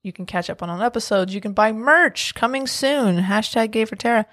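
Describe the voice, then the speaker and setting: A woman's voice: a little high, brisk, a bit bright, no room sound. A woman co-host on a casual podcast, upbeat and conversational. The sound is dry and close, with no room around her. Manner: upbeat, runs through show contact details. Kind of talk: casual chat.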